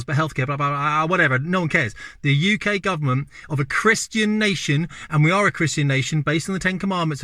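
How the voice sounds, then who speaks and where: A middle-aged Englishman speaks in an opinionated monologue to camera. He hammers points through repetition and rhetorical questions. His voice sits fairly high with a sharp, tense brightness, recorded dry and close. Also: no echo. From England. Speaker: video host. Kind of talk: opinionated talking-head monologue.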